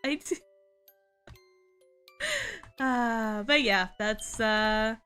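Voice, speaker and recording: A woman's voice: a little high, very slow, fairly bright tone, clean tone, soft background music. A young woman streaming as a VTuber, telling a story in casual chat, giggling often and rambling with restarts. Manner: giggly, laughs often mid-sentence; rambling, self-correcting with many restarts.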